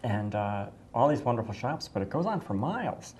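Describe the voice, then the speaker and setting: A woman's voice: a bass voice, sing-song, normal speed, a little mellow, a little hiss or hum. A middle-aged woman from the United States casually telling a personal story, effusive and rambling, with many restarts and fillers.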